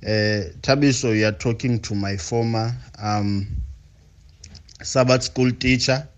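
A South African man from Port Elizabeth leaving a voice note for a radio show, speaking in a hesitant, halting way. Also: mid-range voice, fairly even intonation. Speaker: caller sending a voice note.

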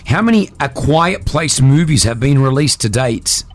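A man hosting a morning radio show, joking with co-hosts and running a quiz in a quick, upbeat way. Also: mid-range voice, expressive, faint music behind. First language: Arabic. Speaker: radio host.

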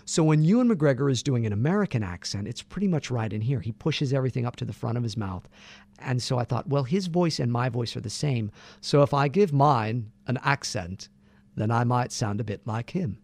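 A middle-aged man, a voice actor, telling lively anecdotes in a casual interview and acting out the quotes. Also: mid-range voice, brisk. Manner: animated anecdotes, acts out quotes. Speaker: voice actor guest.

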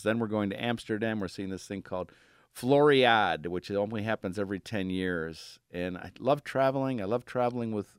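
In a studio, a man with a lowish, clear, resonant voice hosts a radio gardening show, picked up by a studio microphone with no echo. His casual talk is chatty and upbeat, and he laughs easily between thoughts.

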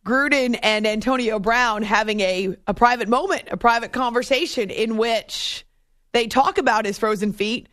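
Laughing often, the female radio host trades wry, chatty sports talk. She has a fairly high, fairly bright voice at normal speed, recorded with clean studio sound and no echo.

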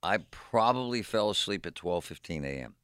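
A middle-aged man co-hosting a radio talk show, telling stories in an animated, ranting way. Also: low-pitched, normal speed, smooth, no room sound, clean studio sound. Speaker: radio co-host. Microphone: studio microphone.

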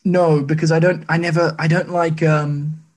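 A man's voice: fairly high pitch, flat delivery, moderate pace. A man in his late twenties chatting casually on a podcast, telling rambling, self-deprecating stories. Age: late 20s. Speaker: podcast co-host. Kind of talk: casual chat.

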